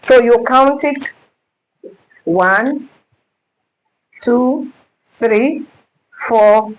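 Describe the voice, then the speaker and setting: Middle-aged woman music teacher; unhurried, emphatic, quizzes the class, a touch high-pitched. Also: rough recording. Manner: slow, emphatic, repeats and quizzes the listener.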